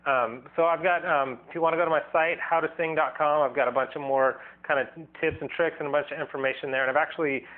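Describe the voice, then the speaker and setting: A man's voice: fairly high pitch, fairly even intonation, quick pace, hardly any pauses. A man giving a casual singing lesson, loose and rambling, often restarting sentences and demonstrating sounds as he explains. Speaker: singing teacher. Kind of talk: casual vocal lesson video. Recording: thin, phone-like band.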